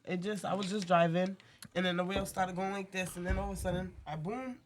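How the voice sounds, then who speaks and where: A woman telling a story in casual chat, halting and hesitant, with lots of "like". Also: lowish voice, steady tone, crowd noise. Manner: hesitant, halting, filler-heavy.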